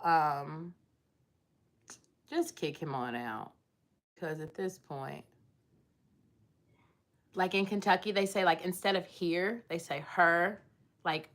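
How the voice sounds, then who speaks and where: A woman's voice: fairly low pitch, a bit bright. A woman hosting a casual livestream, rambling and chatting as she reads and answers viewer comments from home. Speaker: livestream host. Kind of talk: casual live chat.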